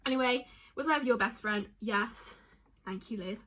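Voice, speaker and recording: A woman's voice: on the high side, moderate pace, pushed and bright. A young woman chatting casually in a vlog, reading out answers from friends and reacting as she goes, rambling with lots of "like" and stopping herself mid-sentence. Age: young adult. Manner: chatty and emotional, lots of likes and self-interruptions. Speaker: vlogger.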